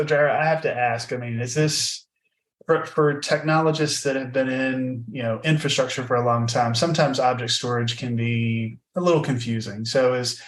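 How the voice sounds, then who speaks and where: A man hosting a tech podcast in a casual, friendly way, often pausing with fillers. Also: medium pitch. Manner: friendly, halting, many fillers. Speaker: podcast host.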